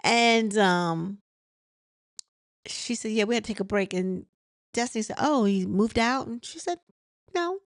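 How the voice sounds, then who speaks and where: A woman's voice: medium pitch, creaky, no echo, clean studio sound. A woman hosting a casual reality TV recap, chatting and retelling scenes with quoted dialogue and frequent laughs.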